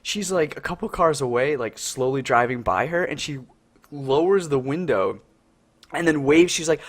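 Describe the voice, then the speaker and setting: Young man, casual storytelling chat, animated, swearing, filler-heavy. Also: on the high side, a little fast. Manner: animated, swearing, lots of "like" and "you know what I mean". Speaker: podcast co-host.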